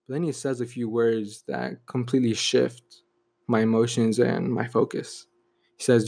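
Brief: young adult man, mid-pitched, reflective personal storytelling, filler-heavy. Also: level tone, moderate pace, creaky, dark tone. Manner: reflective, heavy use of "you know" and "like".

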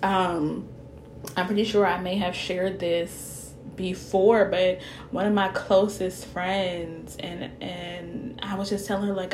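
A woman's voice: fairly low pitch, slow, a little mellow, slight background noise. A woman in her thirties talking candidly to her viewers, chatty and open, calling them "y'all" and "honey" and laughing now and then. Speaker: vlogger. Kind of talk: candid personal talk to viewers.

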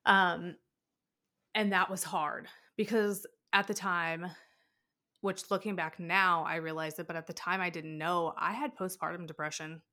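A woman in her thirties telling candid, animated personal stories in a casual conversation. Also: fairly low pitch, unhurried. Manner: candid, animated storytelling with laughs.

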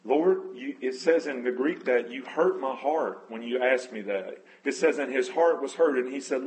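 A man's voice: mid-range voice, normal speed, poor audio. A man preaching a conversational sermon, telling scripture stories earnestly and correcting himself as he goes. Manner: emotional, moved near tears.

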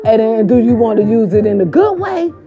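A woman vlogger telling a story and then giving a pep talk, animated and profane, slipping into quoted voices. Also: on the high side, fairly quick. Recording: dull lo-fi recording with faint music.

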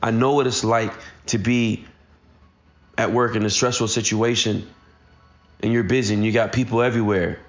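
A man's voice: fairly low pitch, fairly even intonation, moderate pace, pauses often, highs cut off, faint music behind. A man in his thirties giving a casual, earnest motivational talk straight to his listeners. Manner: earnest, addresses listeners directly. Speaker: motivational speaker.

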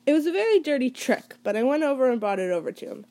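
A woman reads a first-person novel aloud, keeping it loose and conversational. Her voice sits a little high, and she stumbles and restarts now and then without fuss. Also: very animated, fast, few pauses, dark tone. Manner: casual, conversational reading with small slips. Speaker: reader.

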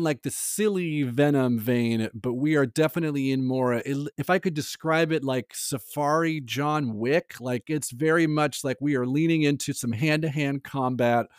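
Animated man in a dry-sounding podcast chat. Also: mid-range voice, clean tone, dry recording. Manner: animated, laughs often, lots of fillers. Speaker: podcast co-host. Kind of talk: casual pop-culture chat.

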